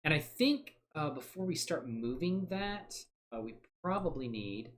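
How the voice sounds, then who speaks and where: A man hosting a software livestream, chatting casually and thinking aloud while he works, rambling and joking at his own expense with frequent laughs. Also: fairly high pitch, animated, measured pace, a little hiss or hum. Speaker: livestream host.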